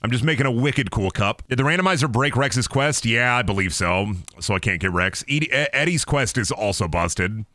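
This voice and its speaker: A young man casually commenting on his gameplay as a streamer, goofy and rambling, often swinging into silly high voices. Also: expressive, moderate pace, hardly any pauses, pushed and bright, no echo.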